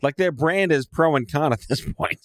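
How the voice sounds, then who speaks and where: A man's voice: on the high side, animated, normal speed, no echo, studio quality. A man co-hosting a podcast in casual chat, cracking jokes and slipping into silly voices. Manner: joking, puts on silly voices. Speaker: podcast co-host.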